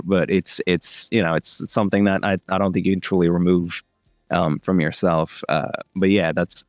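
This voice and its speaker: A man's voice: sits low, steady tone, moderate pace, no room sound, clean studio sound. A young man from India with an American accent, a voice actor rambling casually with many fillers in an interview. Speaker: voice actor guest.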